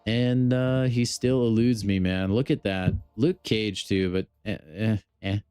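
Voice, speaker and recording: A man's voice: lowish voice, a little slow, warm tone, smooth, no echo, studio quality. A man chatting casually on a gaming live stream, joking and talking straight to his chat. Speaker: game streamer.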